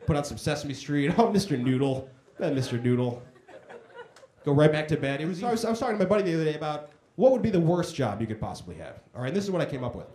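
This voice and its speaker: Animated stand-up comic man in an echoey club. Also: fairly high pitch, racing. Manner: conversational, self-deprecating, acts out voices in quotes. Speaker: stand-up comedian. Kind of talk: stand-up comedy set. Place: comedy club stage. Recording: echoey comedy club room.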